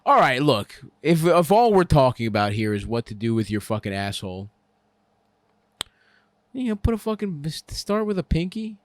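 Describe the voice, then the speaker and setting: A man's voice: a little high, sing-song, normal speed, no room sound. A man hosting a comedy advice show, ranting crudely and laughing at his own jokes on a close mic.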